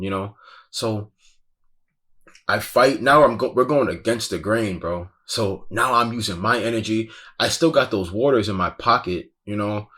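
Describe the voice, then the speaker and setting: A man with a somewhat low voice tells a tense story in loose, profane slang. He speaks casually but with urgency, dropping "bro" into nearly every sentence. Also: normal speed, fairly bright tone. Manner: intense, breathless retelling. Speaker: guest recounting a festival crowd crush.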